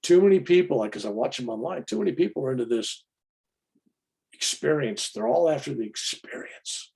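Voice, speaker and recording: Speaking fairly quickly in a mid-range, gravelly, slightly mellow voice, this man is animated. He's a spiritual teacher keeping things casual and plainspoken, frequently slipping into the voices of people he quotes.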